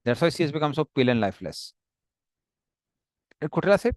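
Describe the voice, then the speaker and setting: A man's voice: on the high side, sing-song, fast talker, no room sound, studio quality. A man teaching a scripture class, explaining the text with many fillers and restarts. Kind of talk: explaining a text, paraphrasing dialogue.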